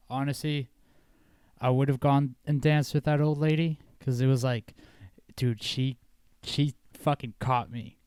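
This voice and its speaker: A man's voice: mid-range voice, darkish tone, clean tone, no echo. A young man co-hosting a podcast, chatting in a rambling, swear-filled way. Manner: rambling, swearing, easily amused. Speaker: podcast co-host. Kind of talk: casual chat.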